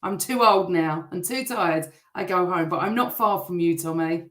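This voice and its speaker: A middle-aged woman hosting a live football fan show, chatting and reading out viewer comments, her voice a bit rough. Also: fairly low pitch, moderate pace. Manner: chatty, warm toward viewers, teasing. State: voice still rough from shouting. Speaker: host. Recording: echoey room.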